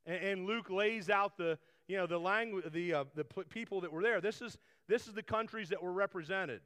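Man, pastor, conversational sermon, restarts and asides, high voice, long reverb. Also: a little fast, pushed and bright, clear, resonant tone. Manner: rambling with frequent restarts and asides.

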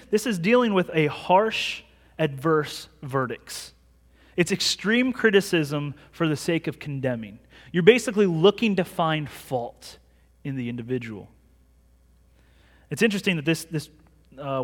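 A man's voice: medium pitch, moderate pace. Man preaching in a reverberant church. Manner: conversational storytelling preacher, self-mocking humor. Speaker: pastor. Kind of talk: sermon. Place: large church sanctuary. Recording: long hall reverb.

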